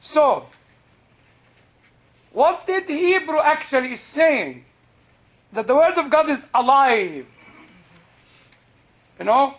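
An older man with a husky voice, teaching a class on Christian faith in a slow, deliberate, emphatic way. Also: extremely high pitch, very animated, fairly bright tone, lo-fi sound. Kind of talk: lecture to a class.

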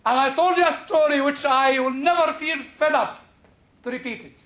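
A man's voice: very high-pitched, moderate pace, a bit bright, reverberant, muffled recording. A man lecturing a class on the Bible, chatty and digressive, full of "you know" and little chuckles, asking his listeners questions. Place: lecture room with a live audience.

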